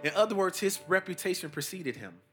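A man's voice: expressive, fairly quick, bright, forceful tone, soft background music. A middle-aged man preaching a sermon with emphatic, rising delivery and casual slang. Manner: emphatic preaching that rises high on key points, casual slang. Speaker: pastor, team chaplain.

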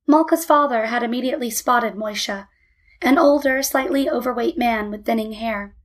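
A woman narrating a storybook in a calm, even reading voice. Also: on the high side, normal speed.

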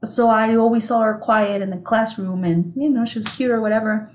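A woman's voice: fairly high pitch, fairly even intonation, fairly quick, a little hiss or hum, low-quality recording. A woman co-hosting a podcast, telling a rambling, casual story full of fillers and restarts. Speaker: podcast co-host.

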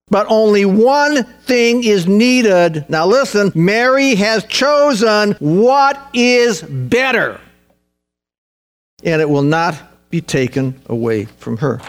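Earnest high-voiced male preacher. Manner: earnest, conversational preaching with repeated emphasis. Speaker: pastor. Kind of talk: sermon.

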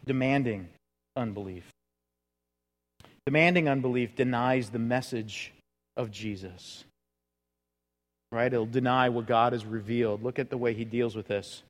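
A male pastor giving a conversational sermon in a church, full of rhetorical questions and acted-out quotes. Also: medium pitch. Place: church sanctuary. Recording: reverberant church hall.

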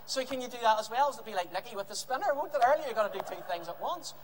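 Animated male preacher telling a story. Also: extremely high pitch, rapid-fire. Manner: lively storytelling, acting out scenes. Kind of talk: animated children's Bible story. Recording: reverberant hall with faint noise.

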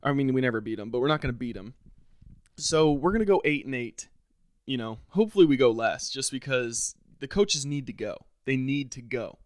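A man of middle pitch rants alone on his podcast, frustrated and sarcastic. His voice keeps leaping up in pitch and volume when he gets worked up. He is close to the mic in a very dry, dead-sounding room. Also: animated, a little fast, dry recording. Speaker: podcast host. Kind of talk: solo sports rant.

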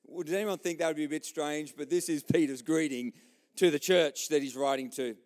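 A man's voice: on the high side, brisk. A man with an Australian accent preaching a sermon in church, telling jokes and speaking straight to the congregation. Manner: jokey storytelling, lively, talks directly to the congregation. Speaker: pastor. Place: church service.

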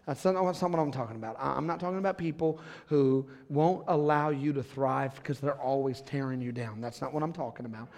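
A middle-aged male pastor preaching a sermon in a church, dropping to a hush and then building to shouts, laughing along with the congregation. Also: mid-range voice, a little fast, few pauses. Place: church sanctuary.

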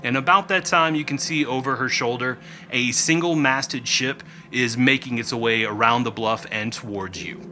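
A man narrating a tabletop game as game master, telling it in an animated, quick way. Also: mid-range voice, a little hiss or hum.

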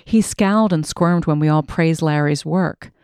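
A woman reads her memoir aloud as an audiobook, in a wry and measured way. Her voice sits a little low. The recording is dry and close, with no room sound. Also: darkish tone, clean tone, no room sound. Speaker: memoir narrator.

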